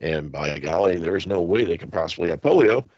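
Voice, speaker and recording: A man's voice: low-pitched, lively intonation, fairly quick, darkish tone, dry recording, highs cut off. A man hosting a show, reading news items aloud and breaking in with mocking, chuckling asides. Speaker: podcast host.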